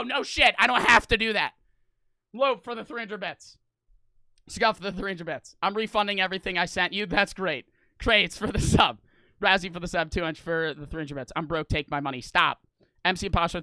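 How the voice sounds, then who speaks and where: Young guy streamer ranting at chat, high-ish voice, smooth and clear, swearing a lot. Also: no echo. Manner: heated and profane, yelling at times. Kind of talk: ranting livestream talk to chat.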